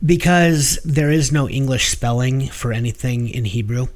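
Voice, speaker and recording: Male podcast co-host, mid-pitched, explains in an easygoing way with plenty of ums. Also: moderate pace. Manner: explanatory, hesitant with many fillers. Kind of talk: casual chat.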